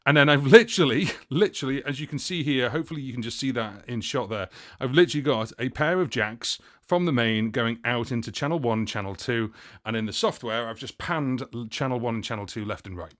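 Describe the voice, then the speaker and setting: Rambling, chatty male livestream host, casual and full of fillers, mid-pitched. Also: brisk. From United Kingdom. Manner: chatty and rambling, many fillers and self-corrections. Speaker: livestream host and looping musician. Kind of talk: casual livestream chat answering viewer questions.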